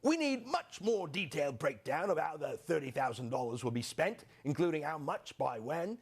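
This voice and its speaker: A man's voice: fairly high pitch, sing-song, normal speed, husky, full character voice. A man reading a letter aloud in a put-on British accent, mocking the sound of a stuffy British official. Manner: exaggerated mocking read.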